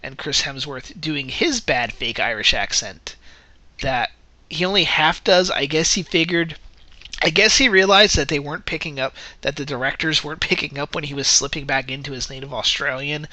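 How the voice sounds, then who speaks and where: A man chats his way through a movie review in a loose, rambling manner, catching and correcting himself mid-sentence and chuckling at his own points. His voice is sharp and bright, sitting slightly high. The sound is close and dry, with no room around it. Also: normal speed, no room sound. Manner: rambling, self-correcting, often laughing. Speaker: film reviewer. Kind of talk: casual spoken movie review.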